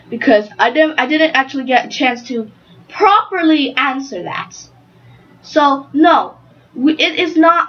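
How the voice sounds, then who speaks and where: A woman playing a chatty young female unicorn in an improvised interview, earnest and a bit halting. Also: high voice, dull audio. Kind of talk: improvised role-play interview.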